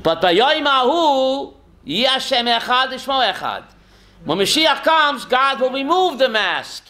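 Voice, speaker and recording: A man's voice: extremely high pitch, very animated, slow pace, sharp tone. A man, a rabbi, teaching a Torah class in a folksy, joking way and quizzing his listeners by name. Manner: folksy, jokey asides.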